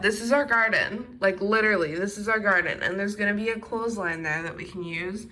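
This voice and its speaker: A woman with a raspy, smoker-like voice, excitedly showing off her new apartment on a handheld phone video. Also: medium pitch, normal speed, hardly any pauses. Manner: excited and gushing, swears casually. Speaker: partner showing the new home. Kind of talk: casual home video tour. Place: walking through a new apartment.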